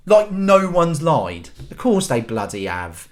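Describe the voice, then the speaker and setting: A man's voice: on the high side, very animated, moderate pace, few pauses. Exasperated sweary man ranting. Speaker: channel host. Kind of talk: ranting vlog monologue.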